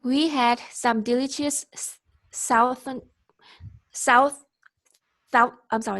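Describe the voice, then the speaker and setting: Slow, careful woman reading sentences. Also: a little high, fairly even intonation, a bit bright. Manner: careful, halting reading with self-corrections. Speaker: student. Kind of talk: reading example sentences aloud in a lesson. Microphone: video call.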